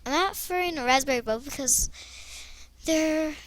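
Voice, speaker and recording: A young girl chatting to herself as she plays an online game, excitable and rambling. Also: high voice, moderate pace, no echo. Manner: chatty, excitable, talks to herself while playing. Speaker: gameplay vlogger. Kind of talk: casual commentary over online game play.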